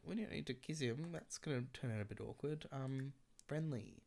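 Chatty creaky-voiced woman gaming. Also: low voice, normal speed, a little mellow. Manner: chatty, wry, talks to the game characters. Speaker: gameplay commentator. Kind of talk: casual let's-play commentary.

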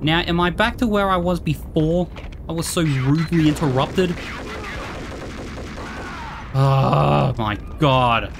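A woman's voice: low voice, slow pace, creaky, long pauses, background noise. A woman giving let's play commentary, ranting and swearing at enemies in exasperation. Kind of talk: gameplay commentary.

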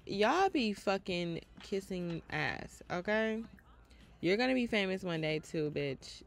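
Animated profane woman gaming streamer. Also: mid-range voice, slow pace. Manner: profane, animated, talks to viewers. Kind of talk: casual let's play commentary.

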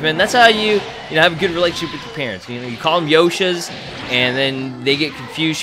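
Young dude hyping his gameplay, swearing a lot, kinda high voice. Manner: excitable, swears a lot, hype exclamations. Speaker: gaming YouTuber. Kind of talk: gameplay commentary.

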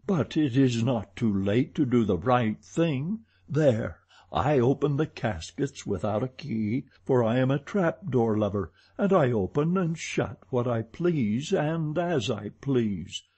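Guy reading as a cold taunting madman, slow and deliberate, dark husky voice. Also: mid-range voice, expressive, exaggerated voice. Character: cold, mocking male masked madman, composed.

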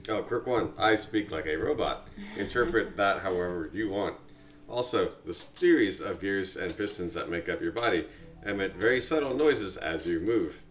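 A man's voice: deep voice, animated, normal speed, fairly bright tone. A man playing an android pretending to be human, stiffly correcting itself mid-word. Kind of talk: character introduction in a board game. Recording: echoey room, voice from a distance.

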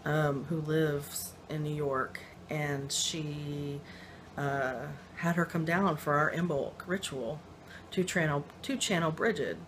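Low-voiced woman telling a personal story. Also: steady tone, takes it slowly, fairly bright tone, a little hiss or hum. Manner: rambling, with frequent fillers and laughs; emotional and confiding. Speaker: spiritual vlogger.

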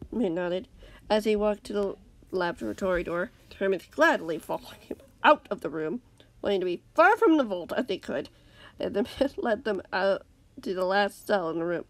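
Storyteller, woman, expressive reading, lively pitch, a touch of fry. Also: normal speed. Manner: expressive, with occasional slips. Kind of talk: reading fan fiction aloud.

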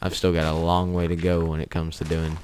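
A man's voice: low-pitched, completely flat delivery, fairly quick, darkish tone, slight background noise. A young man hosting a gaming channel, telling a story in a rambling, offhand way with chuckles while he plays. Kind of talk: casual commentary over gameplay.

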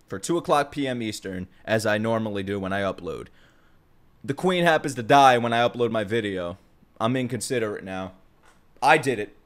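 A man's voice: mid-range voice, fairly bright tone. Exasperated New York guy ranting. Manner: heated, exasperated, profane. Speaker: YouTuber. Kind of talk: ranting vlog.

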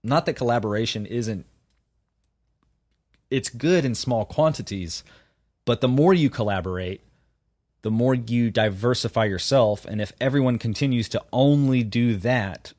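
A man's voice: lowish voice, normal speed, a little mellow, dry recording, studio quality. A man guesting on a podcast, riffing casually and animatedly with opinions, full of restarts and asides.

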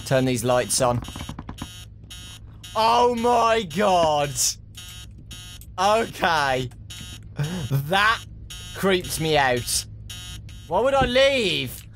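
A man's voice: sits high, very animated, very slow, pauses often, a bit bright, faint music behind. Jumpy young man narrating a horror game. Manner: jumpy, nervous muttering to viewers. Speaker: gaming YouTuber. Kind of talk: horror game let's play commentary.

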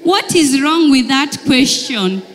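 A woman's voice: high-pitched, animated, slow pace, in a large hall, a little hiss or hum. A woman playing a pompous, strict female English teacher who corrects her pupils. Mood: bossy. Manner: bossy, correcting.

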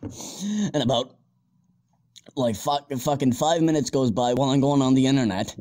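A man's voice: mid-range voice, normal speed, dark tone, natural voice. A young man playing a panicky amateur scientist in an amateur audio drama, stammering and swearing as he talks. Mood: frantic.

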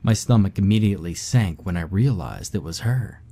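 A man with a deep, mellow voice reads a scary first-person tale. His delivery is steady and somber, keeping a slow, even hold on the listener. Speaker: narrator. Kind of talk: horror story narration.

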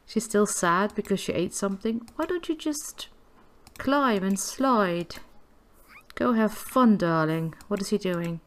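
A woman's voice: medium pitch, takes it slowly. A woman giving casual gameplay commentary, chatty and giggly, cooing affectionately at the characters on screen. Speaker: gameplay video creator.

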